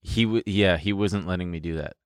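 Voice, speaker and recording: Joking lower-voiced male podcast host. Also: fairly quick, clear, resonant tone, no room sound, clean studio sound. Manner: joking, goofy, teasing. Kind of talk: casual chat.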